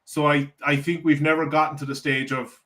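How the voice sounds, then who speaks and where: An Irish man talking as a podcast guest, an animated storyteller who swears casually and restarts his sentences often. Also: fairly high pitch, fairly quick. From Ireland. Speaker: venture capital guest.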